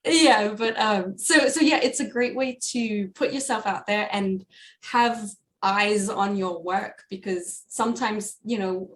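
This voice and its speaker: Speaking in a mid-range voice at a slightly slow pace, this Australian-accented woman is a composer appearing as an interview guest. Her chat is relaxed, full of laughter and ums.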